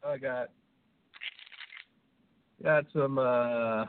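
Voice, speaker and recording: A man's voice: mid-range voice, steady tone, drawn-out words, smooth. A man co-hosting a podcast, rambling through crude banter and laughing at his own jokes, sounding stuffed up from a cold. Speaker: podcast co-host. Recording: tinny phone-like sound.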